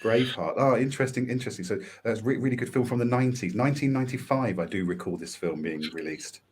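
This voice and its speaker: A man's voice: mid-range voice, quick pace, a little mellow, breathy edge. A man co-hosting a podcast, asking playful questions with hesitant restarts. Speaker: podcast co-host. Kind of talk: casual chat.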